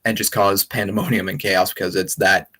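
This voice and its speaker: Young man, casual livestream chat, low voice, rambling, enthusiastic, fillers and restarts. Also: level tone, brisk, sharp tone, slightly rough. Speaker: livestream host.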